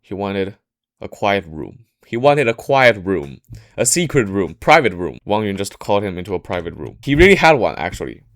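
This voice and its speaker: A man telling a history story in a casual podcast style, halting often and correcting himself mid-sentence. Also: deep voice, sing-song, a bit bright. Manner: halting, frequent restarts and self-corrections.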